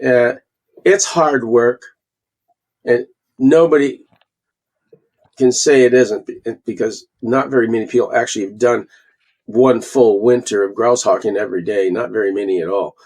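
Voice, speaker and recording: A man in his sixties from Canada, a guest falconer telling animated stories in a casual interview and acting out the quotes. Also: medium pitch, moderate pace, pauses often. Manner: animated storyteller, acts out quotes.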